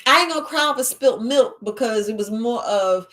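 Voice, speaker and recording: Woman herbalist host, live casual stream, slightly high voice, animated and laughing, acts out quotes. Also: fairly quick. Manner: animated, laughing often, acts out relatives' lines.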